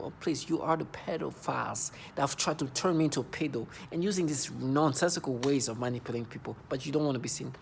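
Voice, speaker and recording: A man's voice: mid-range voice, gravelly, a little hiss or hum. A man in his thirties ranting in an agitated, repetitive, accusing monologue to camera. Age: 30s. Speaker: vlogger.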